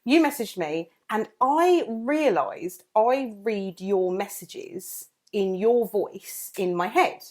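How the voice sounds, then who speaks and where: A woman's voice: mid-range voice, expressive, takes it slowly, hardly any pauses, darkish tone. A woman co-hosting a podcast in casual chat, talkative and laughing often, with frequent restarts. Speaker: podcast co-host.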